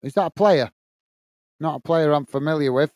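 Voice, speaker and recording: A man hosts a casual live stream and reads viewer comments aloud, with lots of friendly uhs. His voice sits high and comes across smooth and clean. The sound is dry and close. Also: moderate pace, a little mellow, no echo. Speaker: host reading live chat.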